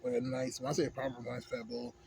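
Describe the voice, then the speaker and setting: A young American man ranting casually at home, rambling with heavy slang and constant swearing, sliding from mumbling to loud, heated outbursts. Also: mid-range voice, fairly even intonation, fast. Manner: rambling, heavy slang and swearing, frequent "you know what I'm saying". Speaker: vlogger. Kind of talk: casual profane rant. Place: indoors at home, smoking a pipe. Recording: home recording with clear background noise.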